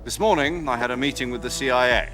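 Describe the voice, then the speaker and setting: An actor playing a veteran commander speaking in a dry, understated, wry manner over game cutscene music. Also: male voice, mid-range voice, fast, lightly acted. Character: wry veteran male commander visiting a patient.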